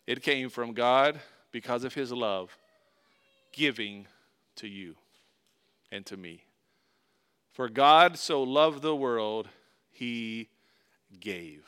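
A man preaching a sermon in a conversational way, repeating phrases, slowing and dropping to a hush on key lines before rising again. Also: mid-range voice, lively intonation, clean tone. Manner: slows down and drops to a hush on key phrases, then rises loud. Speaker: pastor.

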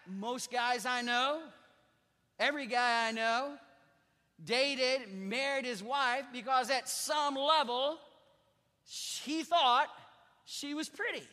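A man's voice: very high-pitched, bright, forceful tone. A man, a pastor, preaching a sermon in a conversational style and pushing hard on key words. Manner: conversational preaching with emphatic rising stresses. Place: church sanctuary. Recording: church hall reverb.

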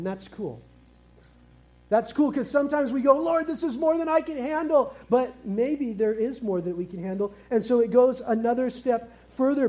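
A man preaching a casual, lively sermon to families, often asking the congregation questions and using easygoing slang. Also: extremely high pitch. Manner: lively, engages the audience with questions. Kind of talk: family sermon with kids present.

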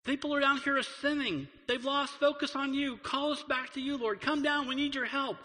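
A man voicing a desperate male prophet who pleads with God in urgent, halting bursts. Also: very high voice, steady tone, bright, forceful tone, in a large hall, voice pushed up. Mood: pleading.

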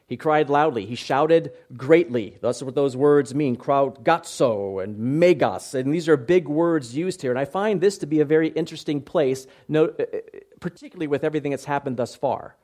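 In a fairly high voice at normal speed, this pastor works through scripture in an expository sermon, reading passages aloud. His style is conversational, full of tag questions that check in with the audience, punctuated by loud acted shouts.

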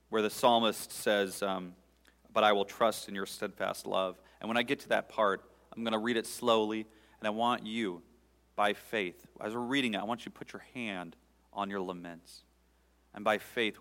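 A man preaching a sermon as pastor, swelling to loud fervent peaks and sinking to near-whispers. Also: lowish voice, big-room sound.

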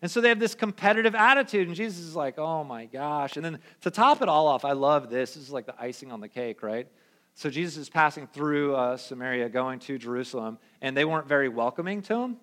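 A young adult male pastor giving a casual, conversational sermon in an animated, slangy way. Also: a little high, a little fast. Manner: animated, slangy, acts out quoted voices.

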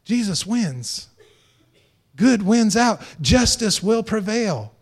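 Preaching as pastor, this man is emphatic, stressing his points through repeated phrases and making light jokes with the congregation. His voice sits high, with a sing-song quality and a slow pace.

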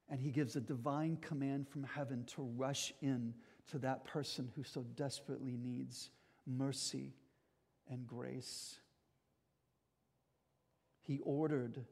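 A man's voice: medium pitch, steady tone, takes it slowly, vocal fry, pauses often, darkish tone. A man preaching a sermon as pastor, earnest and emphatic, speaking directly to his congregation.

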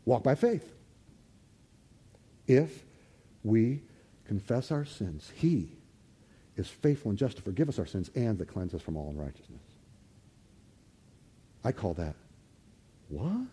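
A man preaching a sermon to a live congregation, leading call-and-response and swinging from loud exclamations to hushed near-whispers. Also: fairly low pitch, lively intonation, unhurried, long pauses, breathy edge. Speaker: pastor. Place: church hall before a live congregation.

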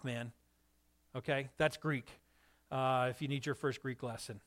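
A man preaching a sermon, telling a story in an animated way and asking his listeners questions. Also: on the high side, moderate pace. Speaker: pastor.

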